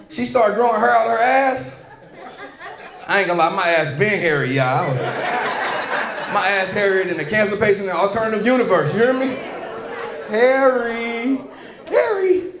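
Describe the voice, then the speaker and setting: High-voiced profane stand-up comedian. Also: male voice. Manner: profane, rambling, crowd-addressing. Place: comedy club stage with audience. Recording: echoey club with crowd noise. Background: audience laughter.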